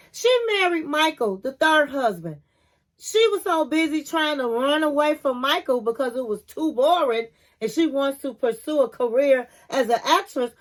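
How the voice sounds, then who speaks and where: A woman vlogger casually recapping a reality show, chatty and opinionated, who tells the story with lively expression. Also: a little high.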